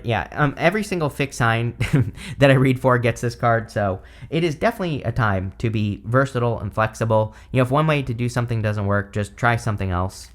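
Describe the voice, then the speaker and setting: A man in his thirties talks through a tarot spread in a loose, chatty way. His voice is a little hoarse, as if he is losing it. He rambles and keeps leaning on fillers like "like" and "you know". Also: medium pitch, fairly bright tone. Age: 30s. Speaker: tarot reader. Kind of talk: casual tarot reading.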